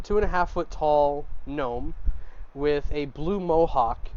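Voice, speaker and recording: A man running a tabletop game as game master, narrating the scene in a relaxed, rambling way with many fillers. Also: mid-range voice, smooth. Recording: muffled lo-fi mic with faint noise.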